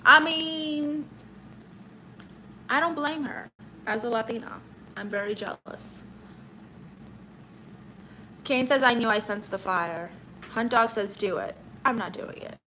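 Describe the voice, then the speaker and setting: Sassy bright-voiced woman streamer. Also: on the high side, takes it slowly, pauses often, slight background noise, poor audio. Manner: sassy, teasing banter with viewers. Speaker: livestream host reading chat; stand-up comedian. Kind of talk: casual livestream chat.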